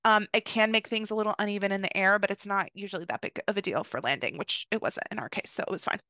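A woman's voice: medium pitch, quick pace, sharp tone, no echo. A young woman from the United States hosting a podcast, telling a story in a casual, chatty way, filling her speech with "like" and "you know.". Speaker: podcast host.

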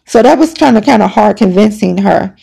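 Female podcaster, gravelly mid-pitched voice, casual emphatic storyteller. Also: lively intonation, a little fast, mellow. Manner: casual, emphatic, conversational with many fillers. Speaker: podcast host. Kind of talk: personal storytelling.

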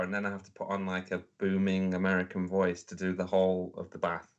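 Casting: low-voiced man, laid-back co-host, dry delivery. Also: monotone, brisk, dull audio. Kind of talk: casual chat.

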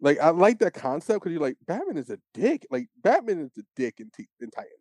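A man's voice: a little high, fast, no room sound. Guy on a podcast telling a tv scene, acts out quotes, pretty dry mic sound. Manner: animated storytelling, acts out quotes. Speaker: podcast co-host. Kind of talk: casual chat.

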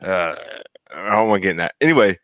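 A man, co-hosting a podcast and telling a lively story where he acts out his friends' voices. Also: sits low, quick pace, no room sound, dull audio. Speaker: podcast co-host. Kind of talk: casual storytelling.

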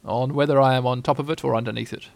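A man doing a growly gentle bear. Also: mid-range voice, steady tone, quick pace, creaky, no echo, natural voice. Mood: simple.

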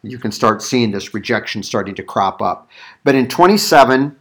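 A man teaching a Bible passage in a conversational sermon, animated and given to acting out quotes. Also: medium pitch, moderate pace. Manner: animated, acts out quoted voices, thinks aloud with restarts. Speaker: pastor teaching a Bible study.

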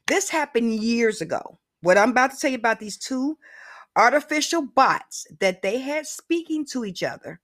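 Woman, podcast host, slow unhurried talk, slangy and emphatic, dry close recording. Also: on the high side, no echo. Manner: slangy, emphatic, addresses listeners directly. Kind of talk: casual solo podcast talk.

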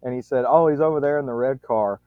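A man on a podcast spins a long, rambling anecdote, often restarting his sentences and swearing casually. His voice comes through narrow and tinny, like a phone line, with a dry sound and no room echo. His pitch is average for a man. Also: fast. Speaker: podcast storyteller.

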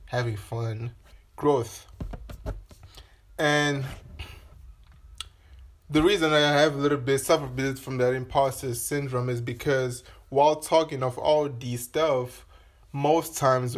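A man hosting a solo podcast, talking in a loose, rambling way and swearing casually. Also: medium pitch. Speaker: podcast host.

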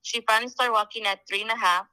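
A woman's voice: on the high side, fairly even intonation, fast talker, pushed and bright, dry recording, low-quality recording. A woman in her twenties, a podcast guest, telling her story in casual chat, full of "like" and "um" and acted-out quotes. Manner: chatty, heavy on "like" and "um", acts out quoted dialogue.

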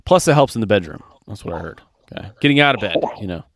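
A man's voice: lowish voice, lively intonation, fast, creaky, a bit bright. Profane, laughing male podcast co-host. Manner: blunt, profane, laughs often, acts out quoted people. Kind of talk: casual chat.

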